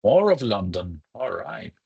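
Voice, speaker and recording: Male webinar host, low husky voice, chatty and welcoming, computer mic on an online call. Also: big pitch swings, measured pace, warm tone, highs cut off. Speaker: lecturer hosting a webinar. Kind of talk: casual live webinar hosting.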